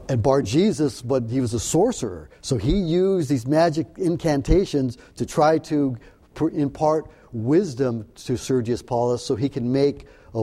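Mellow-voiced man teaching scripture. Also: mid-range voice, breathy edge. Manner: earnest, halting with repeated restarts. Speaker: preacher. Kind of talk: sermon-style Bible teaching.

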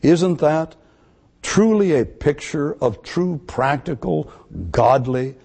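A man preaching a sermon to his congregation, emphatic, repeating key words and slowing down to stress them. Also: a little high, lively intonation, vocal fry, a little mellow, slightly rough. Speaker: pastor.

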